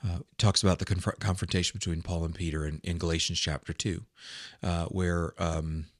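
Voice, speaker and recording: A man, a pastor, talking in a casual podcast discussion with earnest, animated emphasis. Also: low-pitched, normal speed, no echo, studio quality.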